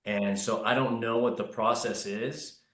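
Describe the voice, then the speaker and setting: A man's voice: medium pitch, fairly even intonation, unhurried. Easygoing man. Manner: easygoing, affirming, thinks aloud. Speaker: guest, real estate investor. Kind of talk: casual chat. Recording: echoey room.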